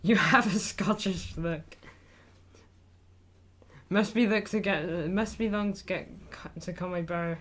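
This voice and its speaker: A man's voice: sits high, a little slow, long pauses, a bit bright. Man, football fan streamer, casual live chat, jokey, reads chat aloud, calls viewers lad. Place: indoors in front of a green screen.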